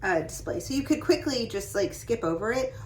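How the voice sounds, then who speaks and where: A young adult woman hosting a lesson, talking casually and brightly about reading to children as she shows pages of books. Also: on the high side, brisk, a little hiss or hum, rough recording. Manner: lively and chatty, showing off book pages. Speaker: host giving read-aloud tips to parents. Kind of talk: casual instructional talk.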